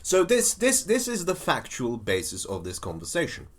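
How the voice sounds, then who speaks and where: A man's voice: a little high, huge pitch swings, normal speed, fairly bright tone. A male podcast co-host in casual chat, retelling a story animatedly with stumbling restarts.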